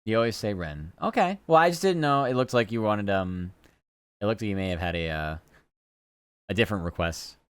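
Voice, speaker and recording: A man's voice: on the low side, animated, brisk, clean tone, no echo. A man streaming, chatting casually and rambling loosely, with the odd swear word. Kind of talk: casual live-stream chat.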